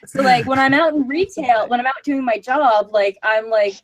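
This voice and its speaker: A chatty woman with a slightly high voice hosts a relaxed live-stream hangout. She talks loosely and keeps things casual, with plenty of fillers. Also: normal speed. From outside America. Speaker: host and voice director.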